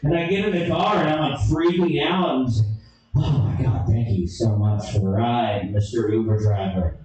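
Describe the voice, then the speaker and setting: A young man telling a crude, animated comedy story, now and then breaking into shouted bursts. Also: mid-range voice, normal speed, distant mic, dull audio. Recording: echoey room, from off mic.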